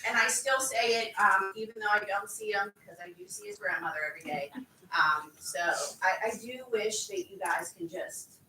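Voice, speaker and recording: A woman's voice: mid-range voice, pushed and bright, recorded from a distance, slight background noise. Emotional woman speaking from afar in an echoey room. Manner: emotional, halting, with fillers. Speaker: teacher speaking at public comment. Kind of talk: public comment at a meeting. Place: school board meeting room.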